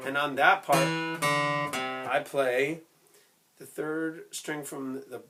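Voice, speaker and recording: A man with a fairly high voice leads a patient music lesson. He talks slowly and keeps checking in with "right?" as he explains, sometimes singing a snippet. Loud instrument playing sounds behind him. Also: steady tone. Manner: explains slowly, often asks "right?", breaks into short sung snippets. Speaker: music teacher.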